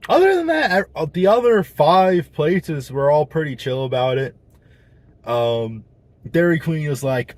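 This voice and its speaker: A man's voice: mid-range voice, a little mellow, dry recording. A young man, chatting casually and rambling to camera in a vlog, full of slang and restarts. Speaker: vlogger.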